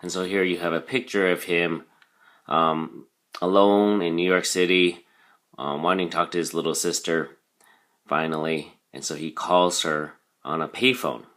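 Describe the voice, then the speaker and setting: Deep-voiced man teaching vocabulary. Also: steady tone, moderate pace, a bit bright. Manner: explanatory, with frequent ums and "okay?" check-ins. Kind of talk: recorded vocabulary lesson.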